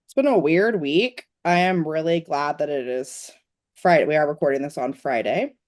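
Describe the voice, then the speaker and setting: Low-voiced, wry American woman co-host. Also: moderate pace. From United States. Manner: relaxed, wry, supportive listener with short backchannels. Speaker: podcast co-host. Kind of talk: casual chat. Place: Portland, United States.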